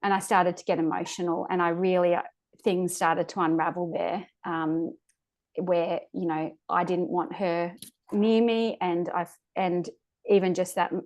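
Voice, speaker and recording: A woman, a podcast guest, recounts a personal birth story in a halting way, searching for words and restarting her sentences, sounding close to tears at times. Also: lowish voice.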